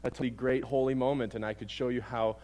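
A young man preaches by telling a story on himself. His telling is animated and self-mocking, and his voice sits at an ordinary middle pitch. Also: fast talker. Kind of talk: sermon told as a personal story.

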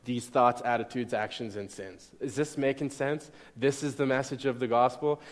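A man's voice: medium pitch, steady tone, moderate pace. A young man preaching a sermon in a conversational way, often checking in with his listeners. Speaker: pastor. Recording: echoey hall.

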